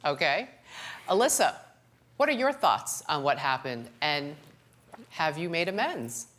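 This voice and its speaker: A woman's voice: sits low, big pitch swings, measured pace, fairly bright tone. A woman hosting a live reality TV show, upbeat and projecting to a studio audience. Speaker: host.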